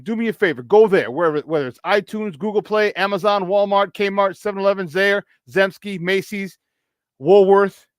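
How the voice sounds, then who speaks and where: A man's voice: high-pitched, no room sound. A man with a Chicago accent hosting a live morning sports talk show, riffing playfully through promos with asides.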